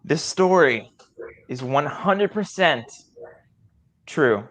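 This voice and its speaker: A young man, an improv player, telling a comic story in an excited, rambling way with many stammered restarts over a video call. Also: on the high side, slow pace.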